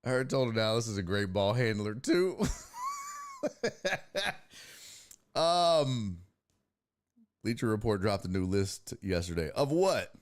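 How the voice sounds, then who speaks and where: A man with a lowish, animated voice hosts a live-streamed sports talk show, reading and answering viewer messages. Profane and exasperated, he curses freely but is quick to laugh in between.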